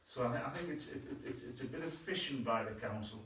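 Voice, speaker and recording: A man's voice: mid-range voice, lively intonation, quick pace, a bit bright. Man, councillor's report, plainspoken, colloquial, heavy room echo, distant mic. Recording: very echoey room, distant mic, faint noise.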